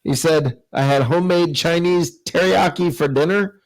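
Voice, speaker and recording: A man's voice: on the high side, moderate pace, low-quality recording. Laughing man hosting a sports podcast. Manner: laughs often, rambling storyteller. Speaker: podcast host. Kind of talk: casual sports podcast chat.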